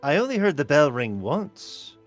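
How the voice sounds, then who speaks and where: A man's voice: on the high side, very animated, moderate pace, faint music behind. Male GM as a prying townswoman in a tabletop game, near his own voice.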